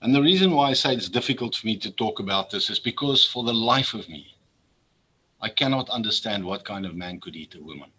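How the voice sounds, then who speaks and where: A man's voice: fairly low pitch, animated, a little fast, bright, forceful tone, breathy edge, low-quality recording. Earnest man giving a speech. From South Africa. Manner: earnest, repeats words when stirred. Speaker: public official addressing an assembly. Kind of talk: formal speech.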